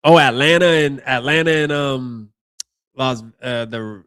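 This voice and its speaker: A man's voice: medium pitch, measured pace, fairly bright tone, clear, resonant tone, no room sound, studio quality. A man hosting a live reaction stream, talking casually in slang and thinking aloud as he goes.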